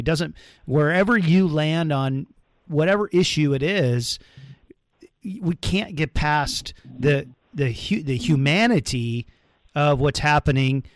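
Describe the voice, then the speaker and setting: Earnest guy hosting a podcast, slightly high voice, no room echo. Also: clean studio sound. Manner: earnest, many fillers and restarts. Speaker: podcast host. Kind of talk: casual interview talk.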